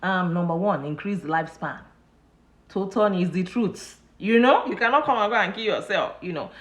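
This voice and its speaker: A woman's voice: lowish voice, lively intonation, moderate pace, a bit bright, roomy sound. A woman hosting a casual live motivational talk, chatty and loose, full of fillers, often laughing at her own stories. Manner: chatty, loose and repetitive, heavy "you know" fillers; breaks into laughter while telling stories.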